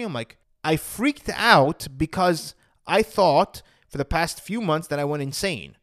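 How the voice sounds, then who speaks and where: A man's voice: fairly high pitch, lively intonation, unhurried, fairly bright tone, no echo, clean studio sound. A man telling his own story to camera in an earnest, emotional way, often acting out what he thought back then. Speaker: vlogger sharing his personal story. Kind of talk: personal storytelling monologue.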